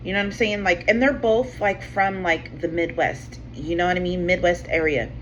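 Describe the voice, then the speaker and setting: Her voice is on the low side, steady in tone and moderate in pace, as this tarot channel host tells a rambling, casual story loaded with fillers like "like" and "you know what I'm saying." She swears freely, and the slightly dull recording carries faint room ambience and slight background noise.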